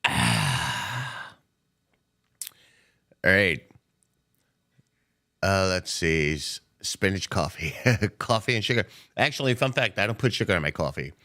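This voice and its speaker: A low-pitched man, very animated, talks slowly with frequent pauses in a pushed, bright voice. He hosts a live day-trading stream, giving casual market commentary and bantering playfully with viewers while swearing freely.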